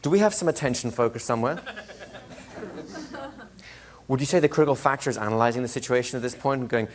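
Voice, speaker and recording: A man's voice: mid-range voice, quick pace, pauses often. Man teaching a live class. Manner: animated, asks the room questions, acts out little scenes. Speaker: hypnosis trainer. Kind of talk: classroom lecture to a live group.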